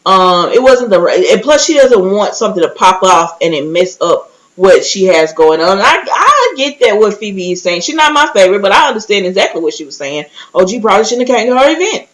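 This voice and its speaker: A woman giving a casual, chatty recap, telling the story with animated asides and quickly acting out what others said. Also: medium pitch, low-quality recording. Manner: quick acted-out quotes of others. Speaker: recap vlogger.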